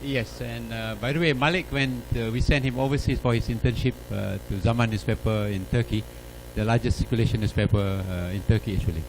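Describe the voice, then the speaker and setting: A man's voice: lowish voice, fairly quick, hardly any pauses, slight background noise, poor audio. A man with a Malaysian English accent moderating a panel, hesitant and full of fillers. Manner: hesitant, many fillers, good-humored.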